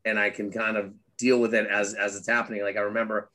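A man's voice: on the low side, flat delivery, fast, bright, forceful tone. A middle-aged man, a guest speaking candidly in an interview, with many restarts and fillers as he tells stories animatedly. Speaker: guest, author and former Wall Street trader.

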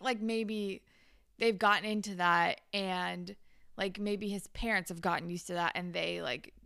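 Brief: young woman podcast co-host, bright and smooth but gravelly, dry close sound, chatty recap with mini voices. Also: lowish voice, no room sound. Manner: retells scenes with quick quoted voices, lots of "like". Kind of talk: casual recap chat.

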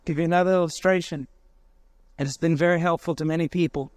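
A man's voice: a little high, fairly even intonation, fast, darkish tone, no echo. A man preaching a sermon, urgent and direct, pleading straight with his listeners.

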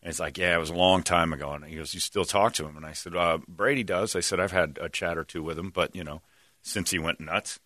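A man's voice: low-pitched, fast, no room sound, clean studio sound. A man hosting a talk show, telling a story in casual chat and animatedly acting out what others said. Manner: animated, acts out quotes of others.

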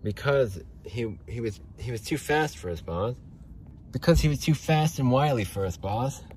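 A man's voice: medium pitch, expressive, moderate pace, darkish tone, slight background noise, lightly acted. A man voicing a slimy, eager male henchman who keeps sucking up to his boss. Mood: fawning.

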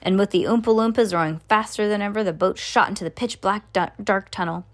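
Brief: woman reading aloud to kids, relaxed, tripping and correcting herself. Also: mid-range voice, a little fast. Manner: casual, with slips and asides. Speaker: reader. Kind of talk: reading a children's book aloud.

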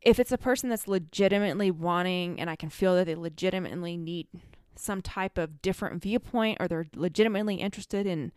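Smooth low-voiced American woman healer. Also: fast talker, darkish tone, no room sound, clean studio sound. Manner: earnest, conversational, many fillers. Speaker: energy healer. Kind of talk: casual advice monologue.

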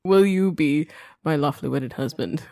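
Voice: mid-range voice, moderate pace, a little mellow, no echo, natural voice. Player doing a haughty scheming nobleman, dry and close. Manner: haughty, commanding, stifles giggles. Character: scheming vain young nobleman plotting a proposal. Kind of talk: tabletop role-play in character.

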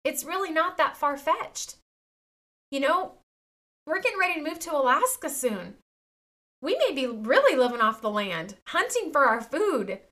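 A woman's voice: high voice, sing-song, normal speed, pushed and bright. A woman in her thirties talking straight to her viewers in a personal vlog, emphatic and indignant, often calling them "you guys". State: near tears at times. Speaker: vlogger.

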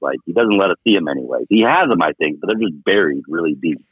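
A man with a very deep, husky voice swings wildly up and down in pitch as he questions his co-host in disbelief on a sports radio show. The sound is dull and lo-fi. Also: fast, no room sound. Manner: incredulous, animated questioning. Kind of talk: casual sports radio banter.

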